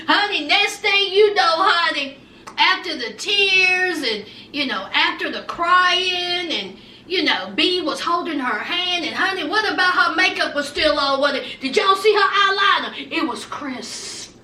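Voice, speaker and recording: A young woman recaps a reality show in a chatty, sassy way, high and bright in pitch. She keeps calling her listeners honey and child. Her voice rings in a roomy space, picked up from a little way off the mic. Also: lively intonation, unhurried, slight background noise. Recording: roomy echo, mic a bit distant.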